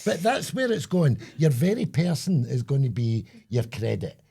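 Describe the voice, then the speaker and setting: A man's voice: mid-range voice, very animated, normal speed, creaky, mellow. An older Scottish man co-hosting a casual podcast chat, joking and swearing as he tells stories. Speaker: co-host.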